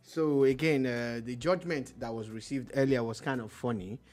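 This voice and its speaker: A Nigerian man co-hosting a radio news discussion. His pitch sits in the middle, and he talks earnestly but hesitantly, stumbling and restarting his sentences. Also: steady tone, normal speed, a little mellow. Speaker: radio show co-host.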